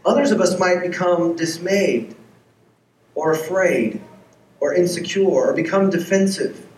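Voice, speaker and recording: A man's voice: sits high, unhurried, darkish tone. A man preaching a sermon who tells stories and acts out the dialogue in them. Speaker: pastor. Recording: echoey room, heard from far off.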